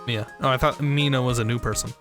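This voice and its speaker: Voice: mid-range voice, steady tone, fast, over music. An American streamer joking sarcastically and reading game text aloud during a let's play.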